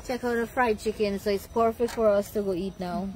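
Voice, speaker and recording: A woman's voice: mid-range voice, steady tone, brisk, noisy background. A woman with a Guyanese accent hosting a casual backyard food vlog, chatty and affectionate, often laughing and talking while she eats. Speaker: vlog host. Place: backyard outdoors at night.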